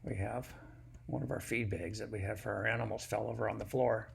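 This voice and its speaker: A man's voice: on the low side, fairly even intonation, brisk, vocal fry, slightly rough, full character voice. A man voicing a shy, sad little farm boy who talks timidly and hesitantly.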